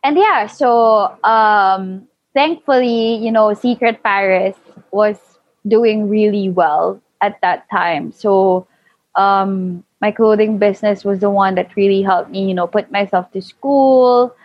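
A young woman telling a personal story in casual chat, full of fillers and animated quoting. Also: mid-range voice, slow pace, dry recording. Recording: dull lo-fi, dry.

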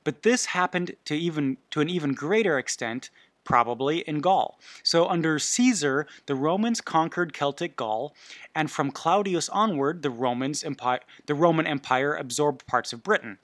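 A man's voice: on the high side, normal speed, fairly bright tone, no echo. A man hosting a history podcast, reading notes in an informal way with asides and self-corrections. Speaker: podcast host.

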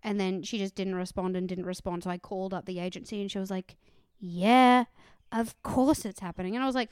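A woman chatting casually as a podcast co-host, telling anecdotes with lively, indignant retellings. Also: medium pitch, fast, clear, resonant tone, dry recording, studio quality. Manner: animated storytelling, voices her own anger loudly. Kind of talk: casual chat.

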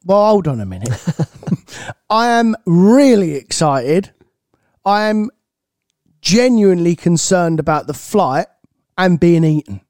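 A man's voice: high-pitched, expressive, slow pace, pauses often, darkish tone, dry recording, studio quality. A man co-hosting a podcast, chatting and laughing about a nervous trip. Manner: laughing, self-deprecating. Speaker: podcast co-host. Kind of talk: casual banter.

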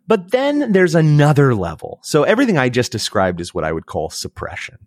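A man's voice: mid-range voice, a little fast, no room sound, clean studio sound. A man from the United States, a podcast guest, talking in a reflective, storytelling way and acting out quoted voices. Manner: animated, acts out quoted voices.

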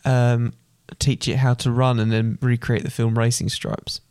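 A man's voice: medium pitch, little pitch movement, measured pace, darkish tone, smooth, no echo, studio quality. A young man co-hosting a casual podcast with his dad, joking and reading out listener mail. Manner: jokey, playful, reads listener mail aloud. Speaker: podcast co-host, son. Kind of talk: casual chat.

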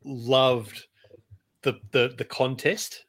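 A man's voice: mid-range voice, level tone, drawn-out words, a bit bright, slightly rough. A man co-hosting a casual podcast, cracking playful jokes. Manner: joking, playful. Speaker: podcast co-host.

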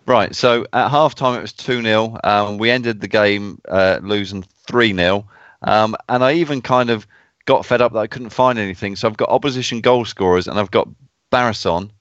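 A man's voice: on the low side, moderate pace, fairly bright tone, dry recording, muffled recording. A man co-hosting a casual football history podcast, chatty and reading from old club handbooks. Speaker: podcast co-host.

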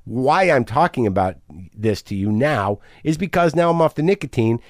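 A man's voice: mid-range voice, lively intonation, normal speed, a little mellow, dry recording, clean studio sound. A middle-aged man hosting a podcast, talking in a manic, rambling, profane confessional monologue. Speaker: podcast host.

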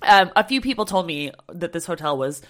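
A woman co-hosting a casual travel chat, telling a story with lively acted-out quotes. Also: fairly low pitch, a little fast. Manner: animated storyteller, acts out quotes. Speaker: podcast co-host.

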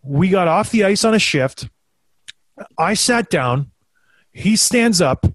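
A man in his thirties tells stories in a loose, animated chat, jumping up in pitch when he acts out what others said. His voice sits a bit high for a man. The sound is close and dry, with no room around it. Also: slow pace, no echo. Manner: animated, acts out quotes in a raised voice. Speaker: former hockey player, podcast co-host. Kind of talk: casual storytelling chat.

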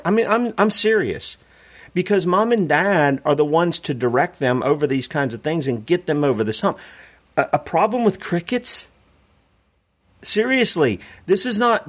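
A man hosting a radio talk show, delivering emphatic, indignant political commentary. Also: on the high side.

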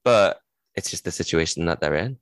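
Deep-voiced man in casual book chat. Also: lively intonation, brisk, no room sound. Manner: earnest, lots of "like", occasional swearing. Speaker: podcast co-host.

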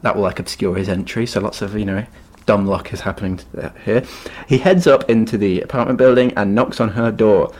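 A man's voice: fairly low pitch, steady tone, fairly quick, darkish tone, a little hiss or hum. A man co-hosting a casual book podcast, playfully retelling the plot and acting out the characters' voices. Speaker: podcast co-host.

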